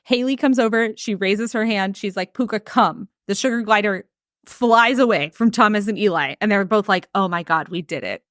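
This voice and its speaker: A woman's voice: mid-range voice, normal speed, dry recording, studio quality. A woman podcast host telling a story in casual chat, acting out what each person said. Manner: animated retelling with quoted voices and frequent "like".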